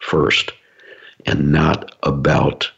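Low gravelly man explaining with analogies. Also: monotone, very slow, fairly bright tone. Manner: explanatory, uses everyday analogies, frequent fillers. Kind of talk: talk to business audience. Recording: dull lo-fi recording.

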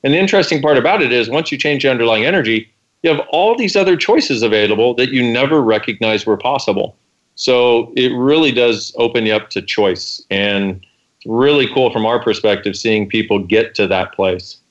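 A man's voice: medium pitch, lively intonation, brisk, muffled recording. A man co-hosting a call-in talk show, telling stories and acting out quoted lines. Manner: storytelling, acts out quotes. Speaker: co-host.

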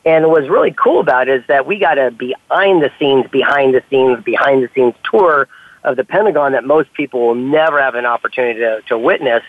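A man telling stories in a casual conversation, animated and acting out the dialogue he quotes. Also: mid-range voice, brisk, dry recording. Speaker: author and podcast guest. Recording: tinny phone-like line.

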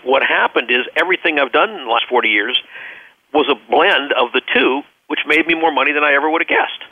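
A man's voice: mid-range voice, no echo. A man giving an earnest radio interview over the phone, telling stories and often repeating words as he searches for them. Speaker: interview guest, business leader. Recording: dry, tinny phone line.

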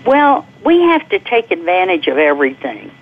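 A middle-aged woman calling in to a radio talk show, telling a personal story with animated energy and laughing as she goes. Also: lowish voice, normal speed. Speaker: caller guest. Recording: tinny phone line.

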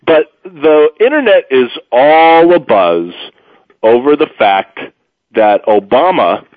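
A man's voice: medium pitch, dry recording. Guy hosting sports radio, rambly and jokey, tired, dry tinny phone-line sound. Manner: rambling, joking, with many fillers. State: tired from moving. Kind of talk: casual sports talk radio.

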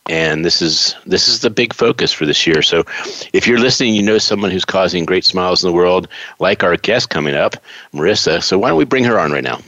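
A man's voice: low voice, animated, a little fast, bright, forceful tone, no room sound, muffled recording. A man co-hosting an interview, chatting casually with playful, jokey banter. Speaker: podcast co-host.

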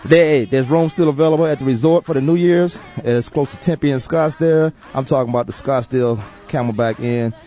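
A man's voice: medium pitch, faint music behind. A man hosting a sports talk radio show, chatting casually and jumping in often with laughs. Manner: animated, quick to jump in and laugh.

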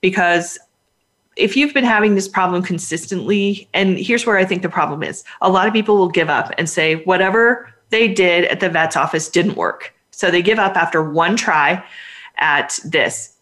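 A woman's voice: lowish voice, a bit bright. A woman veterinarian in a casual podcast chat, talking at length and with emphasis while giving advice to pet owners.

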